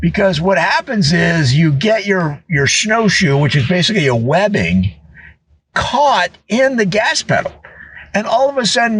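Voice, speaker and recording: A man delivers a comedic monologue with a slightly husky voice. His pitch sits a little high for a man, and he jumps into quick voiced asides as he tells the story. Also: a bit bright, poor audio.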